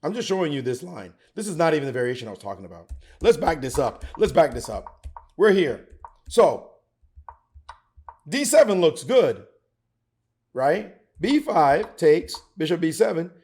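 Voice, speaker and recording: A middle-aged man teaching chess, excitable and theatrical, talking straight to the viewer. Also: fairly high pitch, normal speed, long pauses, slightly rough. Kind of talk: animated chess commentary.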